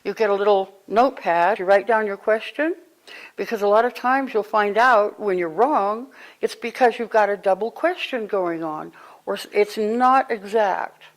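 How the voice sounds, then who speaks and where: A woman speaking as a spiritual teacher to a live group, conversational and animated, telling stories and breaking into sudden exclamations. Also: medium pitch, normal speed, poor audio.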